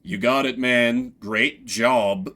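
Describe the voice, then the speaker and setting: A man's voice: medium pitch, fairly even intonation, takes it slowly, sharp tone. A man voicing a smug, cold male stoat prison captain who speaks in a dry, menacing drawl.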